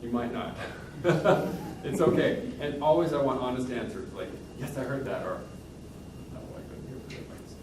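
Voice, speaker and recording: A man's voice: mid-range voice, animated, moderate pace, background noise. A man coaching a pianist in a master class, encouraging and demonstrating at the piano as he talks. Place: room with a piano. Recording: roomy sound from a distant mic with loud piano.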